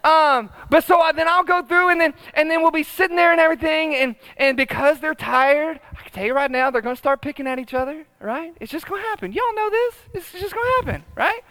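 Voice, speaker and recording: A man's voice: very high voice, a little fast, few pauses, sharp tone, no echo. A middle-aged man preaching a sermon, chatty and humorous, often checking in with the congregation. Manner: conversational, tag questions, humorous asides. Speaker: pastor.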